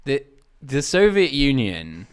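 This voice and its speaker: A man's voice: medium pitch, wildly swooping pitch, slow, clear, resonant tone. A man from Essex with an English accent, chatting as a guest comedian on a podcast, rambling and filling his talk with "like". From Essex, England. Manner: rambling, lots of "like" fillers. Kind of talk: casual podcast chat.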